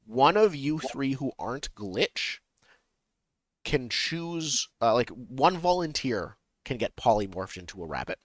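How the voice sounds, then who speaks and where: A young man narrating as game master of a tabletop game, talking in a halting way with many ums and restarts. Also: mid-range voice, sing-song, dry recording.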